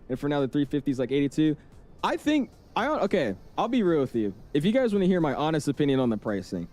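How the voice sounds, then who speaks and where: Laid-back man streaming, mellow voice. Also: medium pitch. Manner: laid-back, slangy, keeps calling the chat "man" and "dude". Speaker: flight sim live streamer. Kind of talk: casual live-stream chat.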